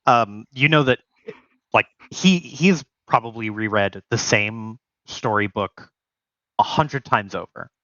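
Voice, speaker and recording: A man's voice: on the low side, slow pace, no room sound. Man narrating a game, dull dry mic. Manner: relaxed, filler-heavy narration. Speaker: game master.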